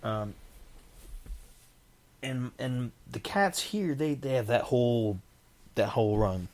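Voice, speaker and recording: A man's voice: mid-range voice, animated, slow, a little mellow, a little hiss or hum. A man hosting a podcast in a casual, rambling monologue, chatty and self-deprecating, who now and then imitates animal sounds. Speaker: podcast host.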